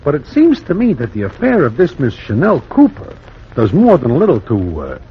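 An actor playing a wry New York narrator who speaks formally in the present tense, in 1940s radio acting. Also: male voice, mid-range voice, wildly swooping pitch, moderate pace, slight background noise. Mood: dry. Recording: dull old radio recording with music.

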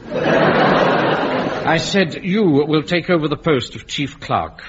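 A man's voice: medium pitch, big pitch swings, moderate pace, natural voice. A man playing a pompous, self-important middle-aged bank manager and platoon captain. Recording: dull lo-fi radio recording with hiss.

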